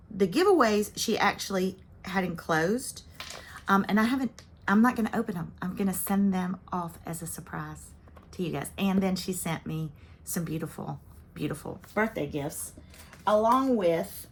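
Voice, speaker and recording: A woman in her fifties hosting a cross-stitch channel, talking casually and chattily to her viewers and rambling with frequent little laughs. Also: mid-range voice.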